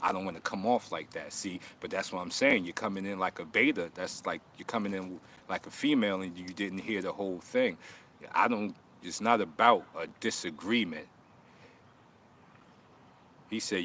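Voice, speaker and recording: A man's voice: low-pitched, moderate pace, slight background noise. Laughing, mocking man in a livestream. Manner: laughing, mocking, heated and animated. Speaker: martial arts channel host. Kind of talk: casual livestream talk answering chat.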